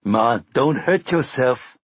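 A man's voice: mid-range voice, animated, slow pace, breathy edge, no echo, voice pushed up. A man voicing a brash male taxi driver with a put-on Jamaican accent and a teasing, sing-song manner.

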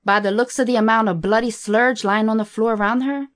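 A woman reading a graphic horror story aloud in a steady, matter-of-fact way. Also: on the high side, fairly quick. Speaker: narrator. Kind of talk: scripted horror story narration.

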